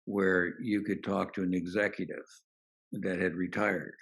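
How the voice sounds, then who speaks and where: Deep-voiced older man telling business stories. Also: measured pace, vocal fry, slightly rough. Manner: anecdotal, relaxed, acts out quoted dialogue. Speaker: podcast guest, business author. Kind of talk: storytelling interview answers.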